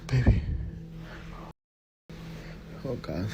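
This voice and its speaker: A frightened man filming himself in his bedroom at night, talking to viewers in a hushed, halting voice and swearing under his breath. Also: medium pitch, background noise. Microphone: handheld phone camera.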